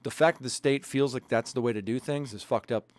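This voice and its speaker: A man's voice: medium pitch, a little fast, dry recording. Guy on a podcast ranting hard, swearing a ton, dry close mic sound. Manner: profane, angry, emphatic. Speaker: podcast co-host. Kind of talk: heated casual podcast rant.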